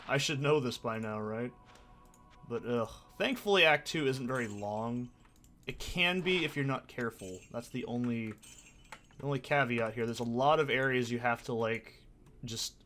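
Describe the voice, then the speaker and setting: A man's voice: mid-range voice, a bit bright, a little hiss or hum. A young man ranting and swearing through casual commentary on his gameplay, with sarcastic asides. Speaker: let's play host.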